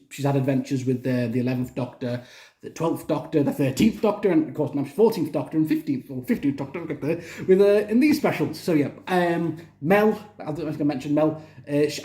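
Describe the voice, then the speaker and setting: A man's voice: a little high, mellow. Enthusiastic young man in echoey room. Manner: enthusiastic, rambling with restarts and fillers. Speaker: TV review vlogger. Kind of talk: casual spoken review.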